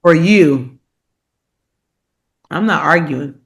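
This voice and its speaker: Lively chatty woman podcast co-host. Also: deep voice, drawn-out words, gravelly. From immigrant family, not from this country. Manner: animated storyteller, loud put-on quotes of her dad. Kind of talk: casual chat.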